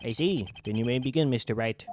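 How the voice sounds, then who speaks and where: A man's voice: medium pitch, quick pace, darkish tone, slight background noise, close to an everyday voice. A man doing a stern courtroom judge. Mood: formal. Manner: formal, clipped rulings. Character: stern male courtroom judge, formal and impatient.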